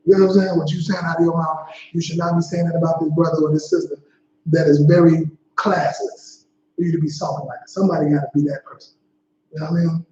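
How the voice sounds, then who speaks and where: A man's voice: a little high, level tone, fast, warm tone, slight background noise. A man leading a Bible study in a laid-back, slangy way, often saying "you know what I'm saying.". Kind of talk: casual scripture teaching. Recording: dull echoey livestream audio.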